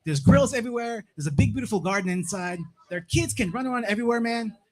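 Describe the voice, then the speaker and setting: Laid-back young man doing stand-up on a club stage, with a fairly high voice. He leans on casual tags like "man" and "right?" between his jokes, speaking into a handheld stage mic. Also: expressive, fast. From Plymouth, Massachusetts. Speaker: stand-up comedian. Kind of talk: stand-up comedy set.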